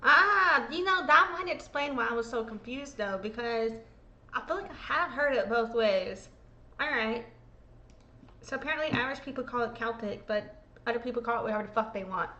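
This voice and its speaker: A woman's voice: fairly high pitch, normal speed, sharp tone, highs cut off. A woman hosting a show, reading court exhibits aloud in casual commentary, swearing freely and mocking herself. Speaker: host. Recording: echoey room.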